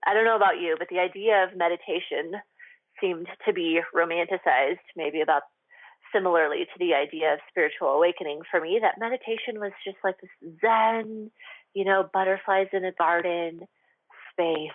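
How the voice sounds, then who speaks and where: A woman's voice: lowish voice, moderate pace, dry recording. A woman hosting a radio show, speaking candidly to her listeners with lots of "like" and "um". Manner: chatty and confessional, heavy with "like" and "um". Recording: tinny phone-line sound, dry.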